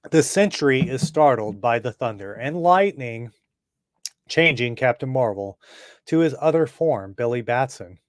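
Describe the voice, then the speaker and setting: Man reading comic aloud, casual asides, slow pace, dry close sound. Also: mid-range voice, expressive, no room sound. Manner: casual, with fillers and side comments. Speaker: comic book reader.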